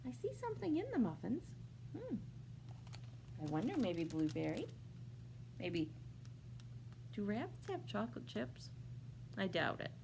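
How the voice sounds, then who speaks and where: A woman librarian reading a picture book aloud at a preschool storytime, pausing to ask the young listeners questions. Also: mid-range voice, wildly swooping pitch, creaky, noisy background. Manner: slow, sing-song, asks young listeners questions. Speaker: children's librarian.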